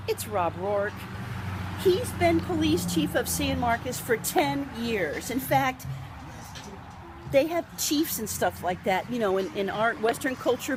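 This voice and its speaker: A woman's voice: a little high, noisy background. A woman, chatting in a rambling, improvised monologue and laughing often. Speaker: local video host.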